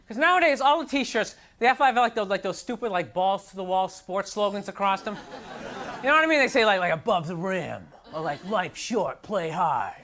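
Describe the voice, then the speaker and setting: A man's voice: high-pitched, lively intonation, fairly quick, pushed and bright. A man doing a stand-up comedy set, self-deprecating and exasperated, with lots of "like" and "you know" in his talk. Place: comedy club stage with live audience. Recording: live club recording with crowd laughter.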